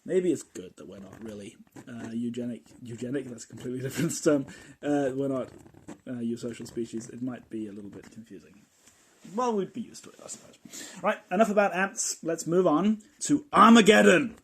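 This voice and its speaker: A man hosting a casual explanatory podcast, telling his points in a playful, jokey, animated way. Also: medium pitch, brisk, slight background noise. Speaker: podcast host.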